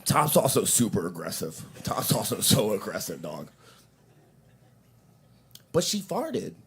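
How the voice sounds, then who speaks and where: Brief: young male comic, crude, rambling, very lively delivery. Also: lowish voice, a little slow, creaky. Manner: crude, rambling, jumps into shouted impressions. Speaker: open mic comedian. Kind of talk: stand-up comedy set. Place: coffee shop open mic stage.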